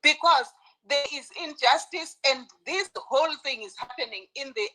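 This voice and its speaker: Woman, podcast panelist, indignant, emphatic, bright, slightly high. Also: normal speed, rough recording. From South Africa. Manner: indignant, emphatic, stacks up complaints. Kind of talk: heated casual commentary.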